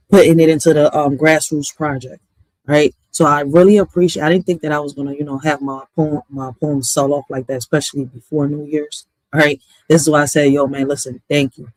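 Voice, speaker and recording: A woman's voice: deep voice, a little mellow, dry recording. Profane, laughing woman in her thirties. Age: 30s. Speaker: poet and streamer. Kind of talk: casual chat to viewers.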